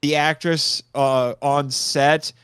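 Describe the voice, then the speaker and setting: A man talking as a podcast guest in casual chat, excitable, laughing often and changing his mind mid-thought. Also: on the high side, takes it slowly, clean tone, no echo, clean studio sound.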